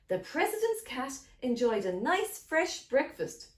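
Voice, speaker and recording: Woman, children's story read-aloud, high and lively voice, echoey room. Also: normal speed, few pauses. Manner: animated, addresses children directly. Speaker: children's author reading aloud.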